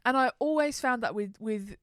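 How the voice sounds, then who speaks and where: A woman's voice: fairly high pitch, moderate pace, fairly bright tone, no echo, clean studio sound. A woman co-hosting a podcast in casual chat, laughing often, swearing freely and acting out game lines. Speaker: podcast co-host.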